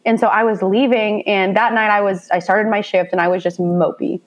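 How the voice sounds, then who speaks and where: A woman's voice: mid-range voice, brisk, muffled recording. Heartfelt woman in her thirties. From Indiana, USA. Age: 30s. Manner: heartfelt, animated when quoting herself. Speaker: guest, mother of a child with special needs. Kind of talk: emotional personal storytelling in conversation.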